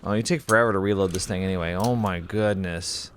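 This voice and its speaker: A man playing a horror game and rambling through a story in casual let's-play commentary, with quick exclamations. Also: sits low, heavy background noise. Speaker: gaming YouTuber.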